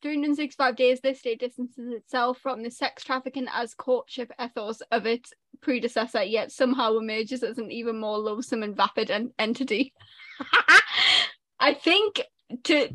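A woman's voice: fairly high pitch, moderate pace, dry recording. A young woman, co-hosting a casual podcast and telling stories animatedly, acting out quotes. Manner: animated storyteller, acts out quotes. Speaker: podcast co-host. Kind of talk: casual chat.

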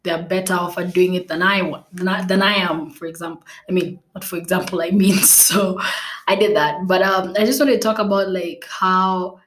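A woman's voice: on the low side, steady tone, moderate pace, reverberant, slight background noise. Chatty woman hosting a podcast. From Kenya. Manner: chatty and self-laughing, many fillers and restarts. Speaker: podcast host. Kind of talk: casual solo podcast chat.

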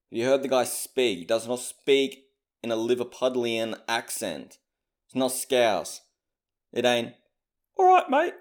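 A man casually recapping fights as a commentator, opinionated and chatty, often hedging his claims. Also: mid-range voice. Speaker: MMA commentator.

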